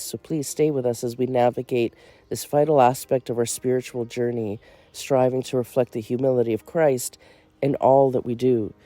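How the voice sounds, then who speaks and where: A woman's voice: a bass voice, dark tone, no echo. A woman hosting a faith podcast, talking earnestly in a monologue that turns incredulous and indignant. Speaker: host.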